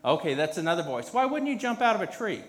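Man, slightly high voice, leads a children's sermon with patient, simple questions. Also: very animated, quick pace. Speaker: pastor leading a children's message.

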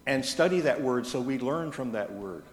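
A man's voice: medium pitch, expressive, normal speed, a little hiss or hum. Man preaching in a reverberant church hall. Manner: plain conversational storytelling. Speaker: pastor. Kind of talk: sermon. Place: church sanctuary.

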